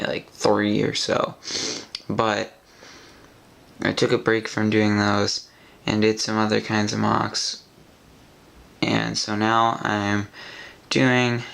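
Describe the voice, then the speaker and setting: A man giving a casual show-and-tell of a model he built at home, talking in a rambling way with many halting restarts. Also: fairly low pitch, vocal fry, fairly bright tone, a little hiss or hum, low-quality recording. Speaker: LEGO builder showing his model.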